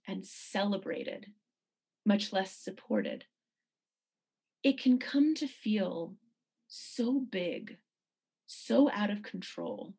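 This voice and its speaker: A woman's voice: medium pitch, gravelly, darkish tone, breathy edge. A woman physician talking in an earnest, thoughtful way on a conversational podcast.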